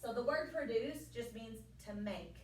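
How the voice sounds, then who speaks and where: A woman teacher giving a lively science lesson to children in a classroom, often checking with them. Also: on the high side, normal speed. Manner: lively, playful, asks frequent check questions. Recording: echoey classroom from far off, faint room noise.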